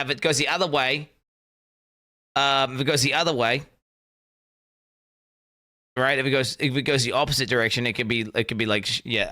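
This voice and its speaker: A man's voice: medium pitch, sharp tone. A young man streaming live, reacting to a game announcement, thinking aloud, repeating himself and swearing casually.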